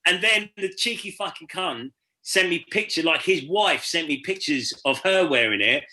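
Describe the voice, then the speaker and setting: A man's voice: fairly high pitch, expressive, normal speed, pushed and bright. A man hosting a podcast over a video call, telling rambling stories in casual chat, swearing and acting out other people's voices. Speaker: podcast host.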